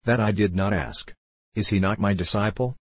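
A man's voice: lowish voice, moderate pace, slightly rough, dry recording. Man voicing a solemn old lama. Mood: serene. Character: calm, solemn old male Tibetan monk.

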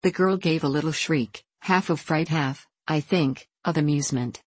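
Low-voiced woman reading a storybook. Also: normal speed, breathy edge, dry recording, rough recording. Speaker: audiobook narrator. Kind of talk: scripted narration of a classic novel.

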